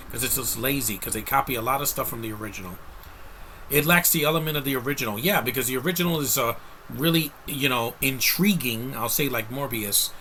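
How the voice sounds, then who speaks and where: A man's voice: mid-range voice, fairly bright tone, slight background noise, poor audio. A man giving a casual, rambling movie review rant, blunt and exasperated, with frequent restarts.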